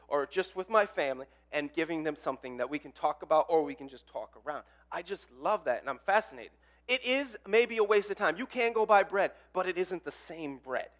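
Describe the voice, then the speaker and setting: A man with a fairly high voice preaches in a chatty, expressive way. He shifts from loud, emphatic bursts down to near-murmurs. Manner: conversational and expressive, with big swings in loudness. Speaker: pastor. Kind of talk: sermon.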